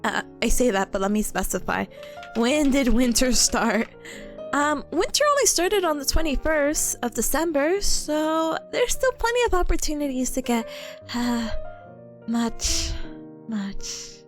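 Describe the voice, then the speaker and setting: A bubbly, giggly American woman hosts a casual livestream chat with her viewers. Her voice sits high and swoops up and down a lot, with soft music playing faintly underneath. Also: animated, unhurried. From United States.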